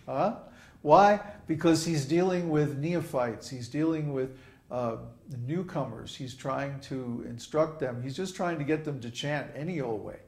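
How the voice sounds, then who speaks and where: A man's voice: fairly high pitch, a little mellow. A man giving an informal spiritual talk, chanting examples aloud and often stopping to ask "huh?". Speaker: spiritual teacher. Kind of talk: informal sermon. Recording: roomy echo.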